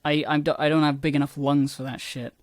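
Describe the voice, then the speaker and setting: A man's voice: level tone, fast talker, dry recording. Rambling, self-deprecating man with a dry sound. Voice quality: somewhat squeaky. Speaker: YouTuber reviewing his old videos. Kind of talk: casual rambling commentary.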